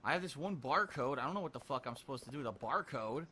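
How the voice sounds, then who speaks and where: A man's voice: medium pitch, animated, quick pace, pushed and bright. A man muttering his way through a video game, frustrated and swearing often. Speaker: let's play gamer. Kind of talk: live gameplay commentary.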